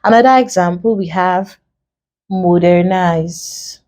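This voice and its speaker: This online exam lesson comes from a Nigerian woman with a Nigerian English accent who carefully walks through each answer in steps. Her voice is fairly low and somewhat dark.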